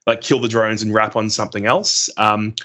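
Bright-voiced man chatting casually, Australian accent. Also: fairly low pitch, moderate pace. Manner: relaxed, hedging, many "like" and "um" fillers. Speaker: guest player. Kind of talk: casual podcast chat.

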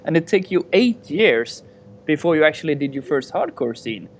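A man's voice: fairly high pitch, very animated, moderate pace. A man co-hosts a podcast. He is enthusiastic and giggly, and his grammar is loose. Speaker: podcast co-host. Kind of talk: casual podcast chat.

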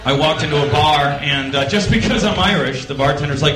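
A man doing stand-up comedy, telling a story in a deadpan, halting way. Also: a little high, over music. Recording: roomy live club recording. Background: crowd laughter.

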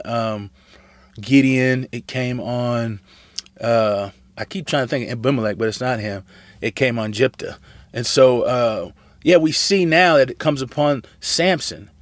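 A man casually retelling a Bible story in slangy, animated talk, acting out the characters' lines. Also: medium pitch, no echo. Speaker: Bible study teacher.

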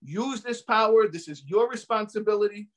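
A man preaching as a rabbi with a fairly high voice. He talks with passion, repeating key phrases for emphasis and weaving in Hebrew and Yiddish terms. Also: animated, moderate pace. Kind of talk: sermon.

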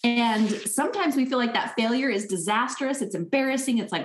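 A woman co-hosting a podcast in casual chat, animated and acting out little quoted thoughts. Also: fairly high pitch, a little fast, reverberant, faint music behind. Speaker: podcast co-host.

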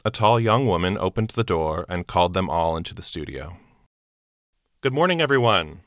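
Bright-voiced man reading a story. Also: on the low side, no room sound, studio quality. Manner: acts out dialogue with lively voices. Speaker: actor reading a short story. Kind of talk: storytelling narration and casual reflection.

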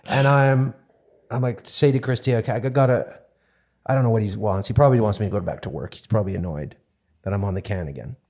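A man co-hosting a casual podcast, his voice dark and mellow. He tells the story with wry humor, knocking out sound effects and quoting himself. The pace stays relaxed. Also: lowish voice, fast. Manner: wry, acts out sounds and dialogue. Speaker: podcast co-host.

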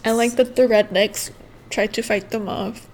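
A woman's voice: a little high, fairly even intonation, normal speed, a little mellow. A woman co-hosting a podcast in casual chat, curious and easygoing, often giggling. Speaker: podcast co-host.

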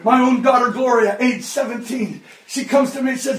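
A man in his fifties preaching a sermon, impassioned and often shouting. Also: very high voice, normal speed. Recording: echoey hall, distant mic.

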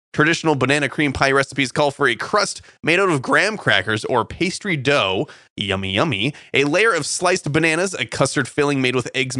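A playful man co-hosts with a bright, lively voice that swoops up and down as he jokes. The sound is dry and close. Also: mid-range voice, dry recording. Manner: playful, jokey, laughs often. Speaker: co-host of a cooking show. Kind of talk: casual banter.

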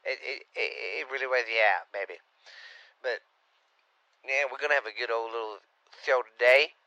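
A man's voice: mid-range voice, normal speed, sharp tone, no room sound, lo-fi sound, natural voice. A man playing a brash, proud, middle-aged Louisiana uncle who talks in boastful slang and rhyming catchphrases, with a slightly sore voice, as a comic podcast monologue. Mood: rambling. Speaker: comedy podcast character.

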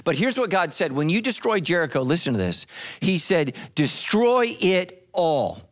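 A man preaching a sermon as pastor, dramatic and animated, acting out voices as he tells the story. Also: a little high, brisk.

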